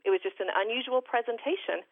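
A mother calling in as a guest, telling a long story in a lively, chatty way over the phone. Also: fairly high pitch, fast, no room sound. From Dallas area, Texas. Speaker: guest, mother of a daughter with a rare illness. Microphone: telephone. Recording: tinny phone line.

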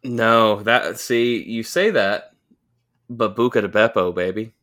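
A man hosting a podcast in casual chat, animated and joking, swearing heavily. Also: fairly low pitch, slow pace. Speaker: podcast host.

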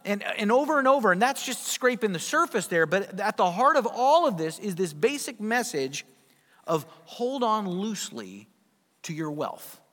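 A male pastor preaching a sermon with emphatic delivery and rhetorical questions, swinging between loud and soft. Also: high-pitched, big pitch swings, moderate pace, big-room sound.

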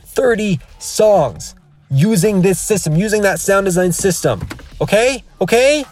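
This man's voice sits high and sounds expressive, unhurried, and slightly mellow, with faint music in the background. He's a thirtysomething podcast host recording a motivational rant in his car on an iPhone, emphatic and repetitive, rambling and starting over.

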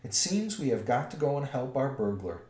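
A man's voice: medium pitch, sing-song, normal speed, darkish tone, natural voice. A man voicing a commanding male dwarf leader who gives brusque orders. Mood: gruff. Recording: roomy echo.

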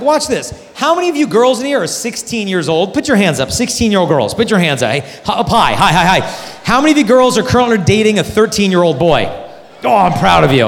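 A man in his forties giving a conference talk to young people in a large hall, telling stories and acting out the people in them. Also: a little high. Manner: animated storytelling, acts out quotes. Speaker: speaker. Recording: long hall reverb.

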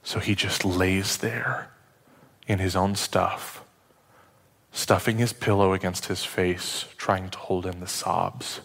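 A man with a fairly low voice preaching a sermon in a church. He talks conversationally and pokes fun at himself. At the tender moments of a story he lowers his voice to a near hush. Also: in a large hall. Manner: conversational, self-deprecating, drops to hushed tones for emotional story moments. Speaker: pastor.

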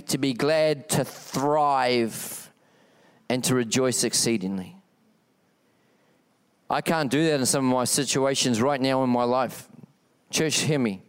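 Male pastor, sermon, high voice, smooth and resonant tone, passionate repeated exhortations, swings up and down in emphasis. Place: church.

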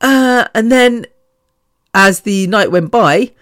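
A woman's voice: a little high, slow, fairly bright tone, dry recording, clean studio sound. A woman in her fifties hosting a podcast, talking in a rambling, chatty way, swearing freely and laughing between sentences. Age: 50s. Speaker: podcast host. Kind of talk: casual podcast monologue.

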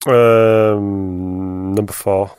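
A man's voice: lowish voice, flat delivery, extremely slow, darkish tone, clear, resonant tone. A man guessing in a casual quiz among friends, unsure and laughing. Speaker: quiz contestant.

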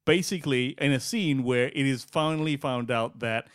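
A man co-hosting a comedy podcast, excitable and profane, often laughing. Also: medium pitch, moderate pace, clean tone, no echo, clean studio sound. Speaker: podcast co-host. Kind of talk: casual comedy banter.

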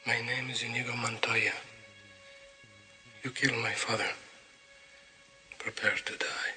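An actor playing a vengeful male swordsman in a film, with a slow, steady, hushed delivery. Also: medium pitch, breathy edge, dry recording, faint music behind, full character voice. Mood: grim. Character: vengeful grown male swordsman, grim and resolute.

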